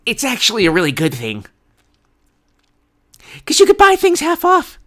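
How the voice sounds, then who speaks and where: A man's voice: extremely high pitch, wildly swooping pitch, moderate pace, fairly bright tone, voice pushed up, exaggerated voice. A man putting on the voice of a smug, cheerful male economist in a mocking, exaggerated sing-song.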